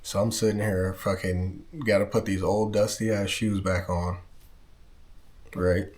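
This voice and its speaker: A man's voice: low voice, level tone, a little slow, darkish tone. A man from Southern California telling a personal story in a casual vlog, rambling, swearing and backtracking as he goes. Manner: rambling, profane, backtracks often. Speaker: vlogger.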